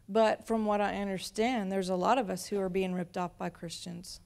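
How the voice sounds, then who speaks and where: A woman's voice: mid-range voice, gravelly, a little mellow. A woman pastor giving a sermon in a chatty, storytelling manner.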